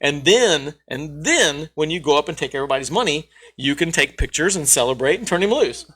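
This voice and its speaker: A man's voice: on the high side, animated, fairly quick, fairly bright tone, slightly rough. A man hosting a casual podcast, telling stories in an emphatic, joking way. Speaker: podcast host. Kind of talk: casual chat.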